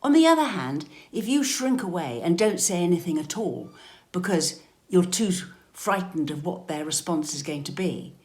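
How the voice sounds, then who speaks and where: A British woman coaching step-parents in a calm, measured, gently instructive advice talk. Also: lowish voice.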